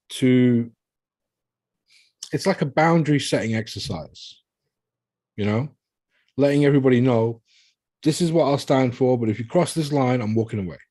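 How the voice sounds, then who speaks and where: A man's voice: mid-range voice, dark tone. A man chatting casually as a guest, rambling a little and retelling jokes. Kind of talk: casual chat.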